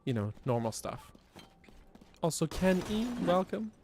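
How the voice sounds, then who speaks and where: A man's voice: high voice, sing-song, unhurried, a little mellow, slight background noise. A man chatting casually on a game live stream, joking and reading the chat aloud. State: a little out of breath.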